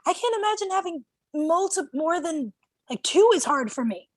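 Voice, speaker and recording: A woman's voice: very high voice, lively intonation, normal speed, dry recording. A young woman from Brazil, a native Portuguese speaker, chatting animatedly in a casual group discussion over a video call and laughing often. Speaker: media group host.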